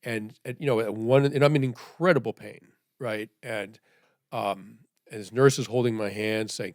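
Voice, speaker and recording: A middle-aged man telling a story as a podcast guest, rambling and checking in with "right?", dropping to a hushed voice at grave moments. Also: fairly low pitch, steady tone, normal speed, no room sound, clean studio sound.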